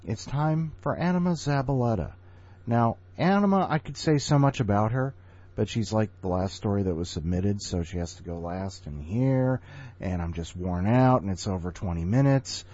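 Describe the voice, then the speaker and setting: A man's voice: fairly low pitch, moderate pace, a little mellow, muffled recording. A man hosting a podcast in a jokey, casual way, full of silly asides. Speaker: podcast host. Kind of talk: playful casual chat.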